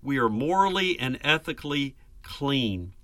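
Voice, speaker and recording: A man's voice: mid-range voice, very animated, a little slow, a bit bright, dry recording. A man preaching a sermon, earnest and emphatic, building lists and rhetorical questions.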